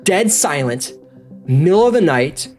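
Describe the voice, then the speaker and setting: A man telling a story as a podcast guest, animated and excitable, talking straight to the listeners. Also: on the high side, a little slow, soft background music. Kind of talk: casual storytelling.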